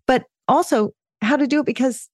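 A woman's voice: sits high, brisk, dry recording. A woman co-hosting a podcast who teases her partner with dry quips and then speaks thoughtfully about the episode's focus. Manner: wry, teasing interjections, then reflective. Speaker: podcast co-host. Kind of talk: casual chat.

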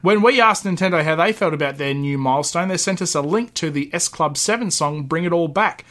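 A man's voice: fairly high pitch, fairly quick, fairly bright tone. A man co-hosting a gaming podcast, reading news with jokes and stumbling over his lines. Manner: jokey, stumbles and laughs through lines. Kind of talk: casual comedic podcast chat.

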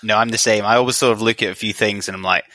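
Edinburgh male co-host, hedging and self-mocking, bright voice, dry sound. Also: on the low side, steady tone, racing, dry recording. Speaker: podcast co-host. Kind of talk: casual podcast chat.

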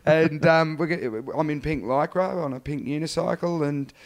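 A man's voice: a little high, normal speed. An Australian man, a guest on a casual chat show, talking in a laid-back, self-mocking way with lots of agreeing fillers. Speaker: guest, actor and charity unicyclist.

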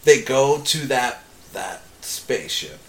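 A man's voice: medium pitch, animated, creaky. A young man co-hosting a podcast, teasing his friend and interjecting in casual chat. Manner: teasing, quick to laugh, interjecting. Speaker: podcast co-host. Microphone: podcast mic.

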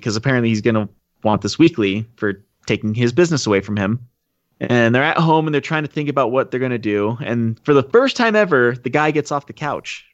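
A man's voice: medium pitch, lively intonation, fast, no room sound, highs cut off. A man co-hosting a podcast, recapping a film in a rambling, casual way. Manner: rambling storyteller, acts out quotes. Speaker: podcast co-host.

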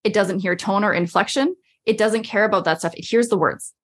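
A woman's voice: medium pitch, a little fast. A woman in a casual podcast chat, talking as a coach, chatty and full of "like", acting out her own inner voice.

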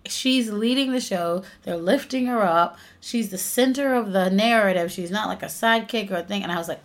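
A woman's voice: mid-range voice, normal speed, few pauses. A young woman from the United States, an actress and singer, chatting in an interview and telling stories with frequent laughter. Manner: animated storytelling, laughs often. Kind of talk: casual interview chat.

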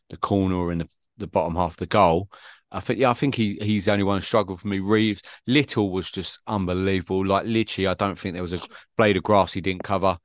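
A low-pitched man rambles through football fan stories in casual podcast chat. His voice sounds dry and close, with no room around it. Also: no room sound. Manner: rambling anecdotal storytelling. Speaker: podcast co-host.

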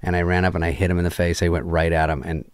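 Deep-voiced man telling a wild story. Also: very fast, clear, resonant tone, no room sound, clean studio sound. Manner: animated, profane, acts out quoted dialogue. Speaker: film director as guest. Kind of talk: casual storytelling interview.

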